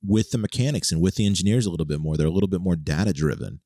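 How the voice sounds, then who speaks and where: A man's voice: low voice, very fast, dark tone, no echo, clean studio sound. A man hosting a casual podcast chat, musing aloud with hesitant restarts. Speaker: podcast host.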